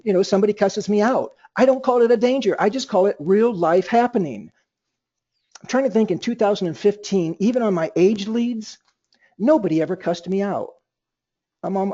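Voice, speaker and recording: Man, high pitch, energetic sales trainer on a webinar, acting out calls. Dull lo-fi audio. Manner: energetic, plays both sides of sales calls. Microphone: computer mic on a webinar.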